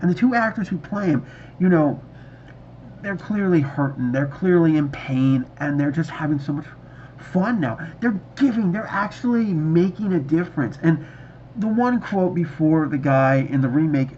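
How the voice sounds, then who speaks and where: A man's voice: fairly high pitch, lively intonation, moderate pace, darkish tone, slight background noise. A man reviewing a TV episode in casual video chat, enthusiastic and rambling, recorded on a dull lo-fi mic. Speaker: movie reviewer.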